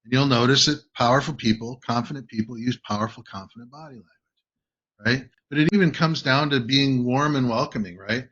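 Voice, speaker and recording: Host: man, bright forceful voice, emphatic coaching delivery, dull lo-fi recording. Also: medium pitch, a little fast. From United States. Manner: emphatic, keeps checking in with "right?". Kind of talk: casual coaching talk. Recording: dull lo-fi audio.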